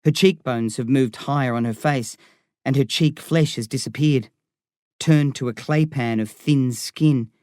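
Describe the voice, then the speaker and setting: Measured male audiobook narrator. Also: mid-range voice, a little mellow, no room sound, studio quality. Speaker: audiobook reader. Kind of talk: first-person novel narration.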